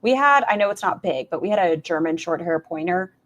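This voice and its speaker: A woman's voice: lowish voice, animated, fairly quick, a bit bright, lo-fi sound. A woman hosting a reaction stream, making wry, snarky comments on clips and chatting with viewers.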